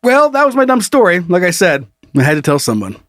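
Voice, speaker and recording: A man's voice: sits high, big pitch swings, a little fast, a bit bright, dry recording, clean studio sound. Man reading a story, laughing through it. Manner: laughs often while reading. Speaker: podcast co-host. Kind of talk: reading a listener story aloud, casual chat.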